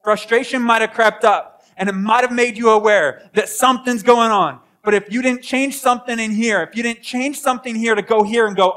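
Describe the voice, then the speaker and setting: A man preaching a sermon as pastor, animated, acting out voices and swinging between loud bursts and hushed asides. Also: sits high, moderate pace. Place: church sanctuary.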